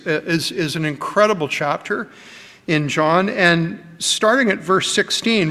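A man preaching a sermon, earnest and measured, with frequent ums and uhs as he gathers his words. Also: sits high, sharp tone. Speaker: pastor. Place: church hall with long reverb. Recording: reverberant church hall.

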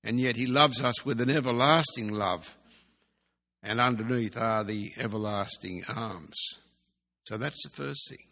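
A man preaching a sermon in an earnest way, slowly repeating key phrases for emphasis. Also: medium pitch, bright, forceful tone. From Australia. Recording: long hall reverb.

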